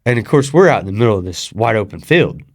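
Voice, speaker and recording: A man's voice: lowish voice, lively intonation, fast talker. A man telling a farm story as a guest in casual chat, rambling and restarting in country phrasing.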